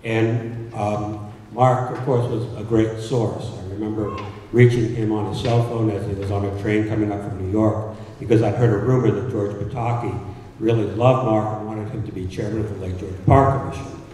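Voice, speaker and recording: An older man giving a memorial eulogy as a newspaper editor, pausing often with ums and restarts. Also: lowish voice, steady tone, dark tone, a little hiss or hum. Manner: hesitant, many pauses and fillers. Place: large hall at a memorial service. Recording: echoey hall, from far off.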